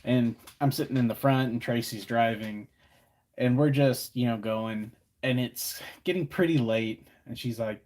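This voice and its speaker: A man's voice: medium pitch, normal speed. Rambling man telling a road-trip story. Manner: rambling, relaxed, self-correcting, acts out quoted voices. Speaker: co-host of live stream. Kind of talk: casual storytelling.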